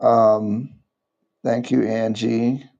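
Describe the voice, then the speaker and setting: A man in his thirties from the United States, chatting casually on a livestream and rambling with halting restarts. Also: mid-range voice, flat delivery, creaky, dark tone, muffled recording. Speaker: livestream vlogger.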